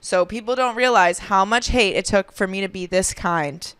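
Woman, podcast co-host, blunt, crude humor, smooth clear voice, dry close sound. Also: medium pitch, normal speed, fairly bright tone, no room sound. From Boston, USA. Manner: blunt, crude, laughs often. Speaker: podcast co-host, stand-up comedian. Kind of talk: casual chat.

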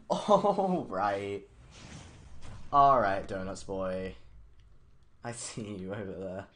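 Excitable young man streaming a game. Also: lowish voice, very slow. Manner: excitable, laughs often, stammers and restarts. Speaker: live streamer. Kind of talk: live gameplay stream commentary.

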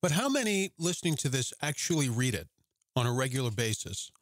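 A man talks straight into a close microphone for his own religious podcast, earnest and conversational. He keeps asking his listeners rhetorical questions. His voice sits at an ordinary middle pitch, and the sound is dry with no room echo. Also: big pitch swings, a little fast. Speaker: podcast host. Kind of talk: solo religious podcast talk.

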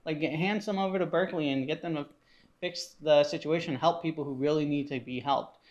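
Young man speaking earnestly, slightly high. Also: brisk, muffled recording. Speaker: co-host. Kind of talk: casual chat.

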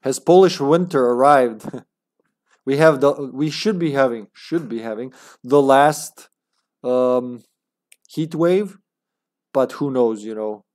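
Male game streamer, mid-pitched, casual, playful accent-switching. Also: takes it slowly, pauses often, darkish tone. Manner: joking, swearing, slipping into put-on accents. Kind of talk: casual gameplay commentary.

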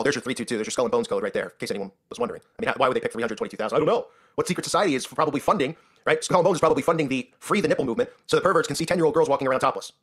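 Male commentary host, husky, very fast, indignant sarcastic rant. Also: medium pitch, a bit bright. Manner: indignant, sarcastic, repeats "right?". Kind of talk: ranting commentary.

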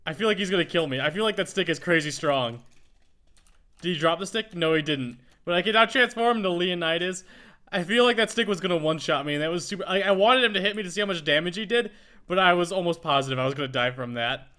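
A man hosting a casual Minecraft let's play, chatting excitedly as he plays and talking to the animals he finds. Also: sits high, quick pace. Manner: excitable, talks to in-game animals. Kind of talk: casual gameplay commentary.

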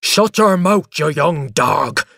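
A man voicing a gruff, irritable father who barks angrily at his son. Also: fairly high pitch, animated, slow, dry recording, studio quality, voice pushed up, exaggerated voice. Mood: angry. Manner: loud, cross, barking.

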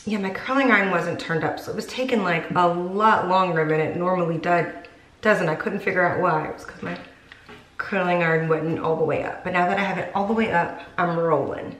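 Talking her way through a hair tutorial at home, this young woman is chatty and self-mocking, wandering from point to point like the beauty vlogger she is. Her lowish voice is fairly bright and brisk, recorded in an echoey room with a little hiss or hum.

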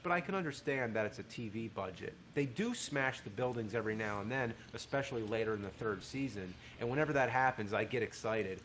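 Animated man reviewing a show, casual swearing. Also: on the low side, slight background noise.

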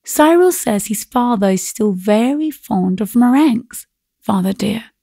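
Woman voicing a bright, gentle fussy aunt. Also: medium pitch, slow, vocal fry, slightly rough, no room sound, studio quality, exaggerated voice. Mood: coaxing.

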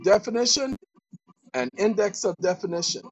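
A woman giving a casual lecture to viewers, reading legal definitions aloud and breaking into loud, emphatic asides with repeated phrases. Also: mid-range voice, sing-song, moderate pace, muffled recording, soft background music. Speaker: online commentator.

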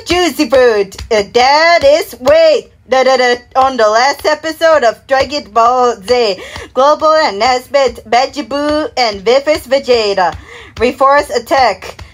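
A woman's voice: high voice, slow pace. A woman recreating a TV commercial break by herself, rambling through slogans and product names in slurred, half-mumbled words and humming the jingles as "da da". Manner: hums and sings jingles in "da da" syllables.

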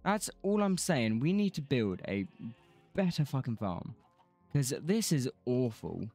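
A man drawls through his gameplay in casual, unhurried chat. He drifts between topics, swears freely and half-sings snatches of songs, with faint music playing underneath. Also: mid-range voice, very animated, a little mellow. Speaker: streamer.

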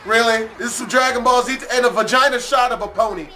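A man hosting a reaction video, shouting profane exclamations and laughing as he comments. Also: extremely high pitch, fast talker, soft background music.

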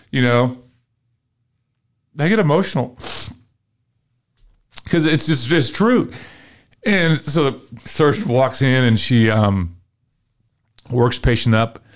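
A middle-aged man from Texas, a marketing consultant guest telling an animated, emotional story and acting out dialogue in a podcast interview. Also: fairly low pitch, clean tone. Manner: lively, emotional storyteller, often acts out dialogue.

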